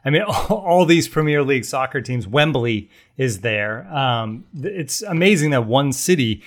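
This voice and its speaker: A man's voice: mid-range voice, expressive, moderate pace. Chill guy hosting a sports podcast, medium voice, just chatting. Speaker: podcast host.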